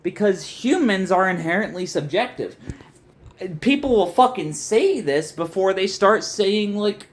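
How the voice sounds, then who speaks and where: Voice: mid-range voice, lively intonation, measured pace, a little hiss or hum. A young adult video essayist ranting in a frustrated, profane, rambling way, with many restarts. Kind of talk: ranting commentary.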